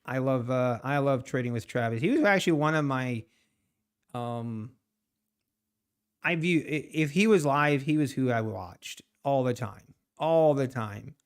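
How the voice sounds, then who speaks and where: A man's voice: mid-range voice, lively intonation, unhurried, clear, resonant tone. A man chatting casually on a live trading stream, rambling, laughing often and answering viewer comments. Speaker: live-streaming day trader.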